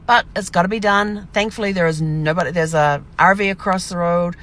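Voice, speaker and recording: A woman with a low, deep-set voice chats through her day in a loose, rambling vlog. She acts out her own remarks in lively bursts, with a faint hum of ambience behind her. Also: a little fast, few pauses. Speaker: vlogger. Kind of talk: casual diary vlog. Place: inside her camper.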